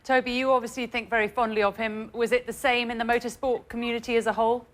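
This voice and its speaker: A woman's voice: a little high, flat delivery, fast. A woman interviewing a guest for the news, asking questions in a conversational way.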